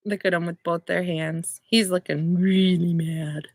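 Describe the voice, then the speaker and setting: A woman preschool teacher reading a picture book aloud to young children, animated and asking them questions. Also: fairly low pitch, unhurried, few pauses.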